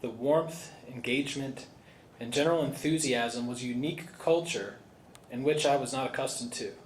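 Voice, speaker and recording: A man's voice: mid-range voice, moderate pace, slight background noise. A man, the board chairman, delivering earnest prepared remarks at an indoor gala. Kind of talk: prepared speech at a podium. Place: large indoor banquet hall. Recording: roomy hall with faint ambience.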